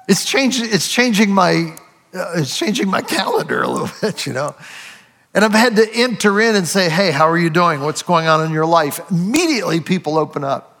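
Man, pastor, earnest sermon, high voice, reverberant hall. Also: fairly bright tone. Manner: earnest, halting restarts, quoting scripture.

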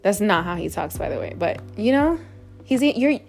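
A woman's voice: medium pitch, animated, normal speed, gravelly, darkish tone, faint music behind. A woman host telling a personal story in a candid, chatty way, with frequent swearing. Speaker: podcast host. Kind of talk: casual storytelling monologue.

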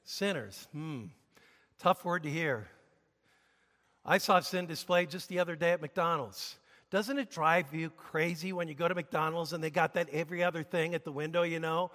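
A man preaching a sermon, telling an everyday story and then building to loud, emphatic declarations before a congregation. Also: on the high side, moderate pace. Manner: storytelling, rising to forceful emphatic shouts. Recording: long reverb of a large hall.

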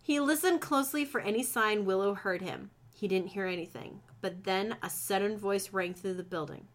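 A woman's voice: medium pitch, normal speed. A woman reading fan fiction aloud with friends, breaking off to joke and laugh. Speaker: reader.

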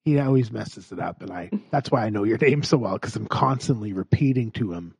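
Husky-voiced man laughing through chat. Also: on the low side, expressive, brisk, a little mellow, dry recording. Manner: laughs often, teasing. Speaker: podcast host. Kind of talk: casual chat.

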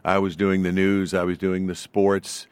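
An older man with a low, smooth broadcaster's voice and a trace of a Southern accent. He tells long anecdotes at an unhurried pace, with a seasoned announcer's polish. The sound is dry and close to the mic. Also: completely flat delivery, a little mellow, dry recording. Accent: faint Southern US. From Southern United States. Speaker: guest, veteran broadcaster. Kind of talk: storytelling in an interview.

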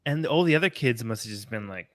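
A man's voice: medium pitch, fast. A man chatting casually as a podcast co-host, telling stories animatedly and acting out what others say. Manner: animated storyteller, acts out quotes. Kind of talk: casual chat.

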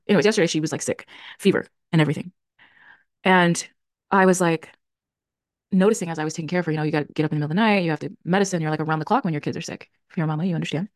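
A woman's voice: lowish voice, no echo, studio quality. A woman in her thirties hosting a solo podcast, speaking in an earnest, reflective way and often correcting herself mid-sentence. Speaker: podcast host. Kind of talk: solo podcast talk on emotions.

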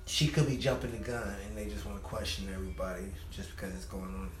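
A man co-hosting a casual podcast about TV shows, talking through plot theories in a relaxed, slangy way. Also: on the low side, soft background music. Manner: relaxed, slangy, unhurried storytelling. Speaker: podcast co-host. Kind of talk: casual TV review chat. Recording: echoey room with faint noise.

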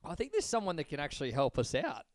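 A man's voice: a little high, wildly swooping pitch, quick pace, dry recording. A man co-hosting a comedy podcast, casual and joking, laughing often and swearing. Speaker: podcast co-host.

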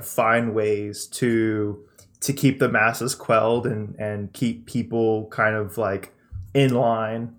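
A man co-hosting a casual podcast, talking in halting, filler-heavy sentences. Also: medium pitch. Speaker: podcast co-host.

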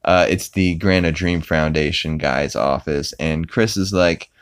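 A man with a very low voice hosts a podcast and rambles through an episode recap. He stacks up fillers and chuckles as he goes. The sound is dry and close, with no room around it. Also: steady tone, a little slow, clear, resonant tone, no echo. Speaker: podcast host.

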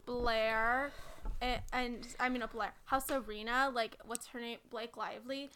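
A young adult woman co-hosting a podcast in casual chat, an animated, blunt storyteller who swears freely and leans on fillers. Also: fairly high pitch, unhurried, background noise. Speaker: podcast co-host.

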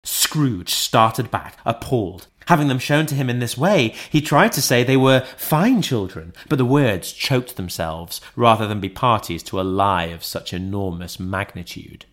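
Male audiobook narrator, measured and dramatic; unhurried. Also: on the low side, lively intonation, fairly bright tone. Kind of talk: classic novel narration.

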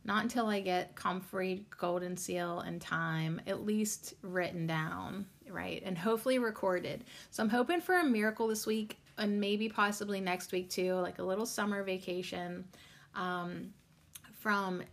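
A woman's voice: medium pitch, measured pace, creaky. A woman hosting her own podcast, talking in a chatty, rambling way with many ums and the odd curse word. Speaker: podcast host. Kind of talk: casual solo podcast chat.

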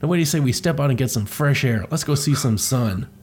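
A man voicing a calm, earnest cartoon plumber playing therapist. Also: medium pitch, fast, slight background noise, close to an everyday voice. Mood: soothing.

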